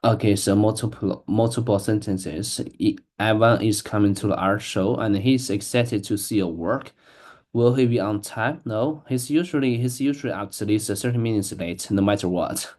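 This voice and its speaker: Guy reading out loud slowly, kinda low voice, stops and restarts a lot. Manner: halting, hesitant, many restarts. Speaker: English learner. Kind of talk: reading practice with an AI assistant.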